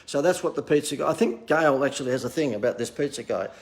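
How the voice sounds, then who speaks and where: A man's voice: medium pitch, fast talker, echoey room. A man giving a casual live talk on his phone, bantering and joking about himself as a marketing coach. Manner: jokey, self-mocking salesman banter. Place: outdoors near a harbour. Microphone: phone camera.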